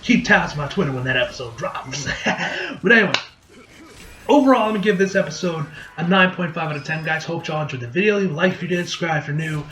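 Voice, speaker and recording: Casual male reviewer, high voice, loose and swearing, in a roomy echo. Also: fast talker, slight background noise. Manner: rambling, profane, acts out quotes in animated voices. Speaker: anime reviewer. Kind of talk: casual episode recap review.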